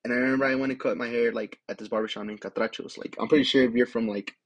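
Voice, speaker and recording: A man's voice: mid-range voice, steady tone, racing. A young man from the Denver area telling his own story in a loose, casual way, full of "like" and swearing. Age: young adult. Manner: rambling, fills with "like", swears freely. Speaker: podcast host.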